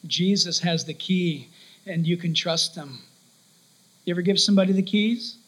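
Brief: male preacher, very high voice, animated sermon storyteller, calls out key words. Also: moderate pace, husky, low-quality recording.

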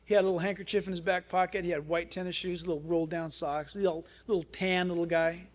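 A male pastor preaching a radio sermon, animated and storytelling, acting out the people in his story. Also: high-pitched, quick pace. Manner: animated storytelling, acts out other people's voices.

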